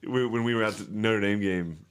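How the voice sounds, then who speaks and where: A man in his thirties with a somewhat low voice tells dry, crude anecdotes as co-host of a comedy podcast. He talks in a relaxed, casual way and often breaks into laughter. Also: brisk, clear, resonant tone.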